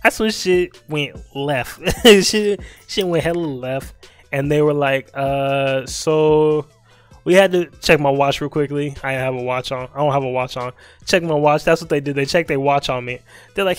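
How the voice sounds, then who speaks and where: A man's voice: a little high, moderate pace, clean tone, dry recording, soft background music. Laughing young man telling a story. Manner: laughs often, acts out both sides of dialogue in slangy speech. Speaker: streamer. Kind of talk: casual storytelling while streaming.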